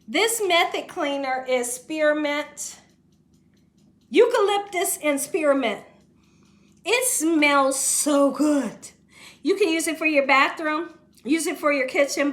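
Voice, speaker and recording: A woman's voice: sits high, fairly bright tone. A woman, chatting casually on a cooking livestream in her home kitchen, reading viewer comments aloud and laughing often. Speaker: cooking channel host.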